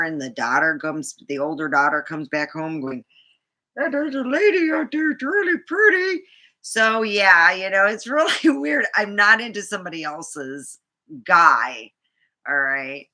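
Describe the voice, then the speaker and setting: A woman's voice: deep voice, bright, forceful tone. A middle-aged woman vlogger telling a rambling dating story, full of fillers and restarts. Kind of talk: casual storytime monologue.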